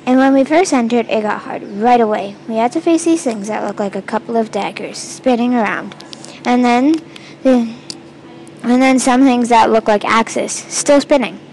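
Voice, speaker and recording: A woman reading her own first-person fantasy story aloud in an amateur, halting way, with restarts and stumbles. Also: a little high, darkish tone, a little hiss or hum, rough recording. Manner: first-person storytelling with quoted lines read in the same voice.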